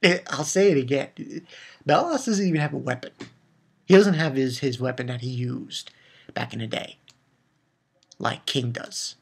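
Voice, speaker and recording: A man giving a casual spoken review of a comic chapter, retelling it excitedly with swearing and lots of fillers. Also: medium pitch, moderate pace, creaky, pauses often, slightly rough. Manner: excitable, loose and profane, with many fillers. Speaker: manga reviewer.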